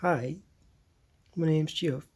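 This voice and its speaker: A man playing a horror game, muttering jittery, exasperated commentary with hushed asides. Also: fairly high pitch, slow, slight background noise. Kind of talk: let's-play commentary.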